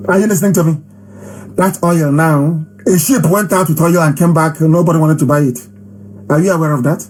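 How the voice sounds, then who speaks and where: A man with a high-pitched voice delivers an impassioned live broadcast. He hammers the same short phrases over and over with long pauses between them. A faint hiss sits under his voice. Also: poor audio. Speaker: movement leader hosting a live broadcast.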